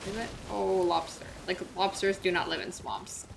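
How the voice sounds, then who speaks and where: A woman's voice: on the low side, fairly even intonation, normal speed, creaky, slight background noise. A woman streaming a video game, chatting casually with her viewers, joking and reacting aloud.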